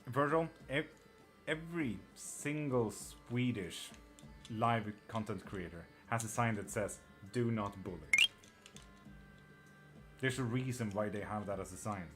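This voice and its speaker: A man's voice: on the low side, animated, unhurried, over music. A man with an Irish-sounding accent and a slight twang, hosting a live tarot stream in casual chat, blunt and swearing freely as he answers viewers.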